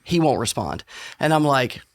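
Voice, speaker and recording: A man on a podcast, telling a story about his son in an animated way. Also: mid-range voice, normal speed. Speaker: podcast guest. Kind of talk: casual podcast discussion.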